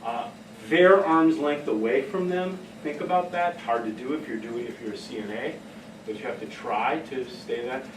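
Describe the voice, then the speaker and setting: A man's voice: mid-range voice, moderate pace, background noise. A man leading a staff training session in a casual, storytelling way, often laughing at his own stories. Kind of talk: workshop talk. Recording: echoey room, heard from a distance.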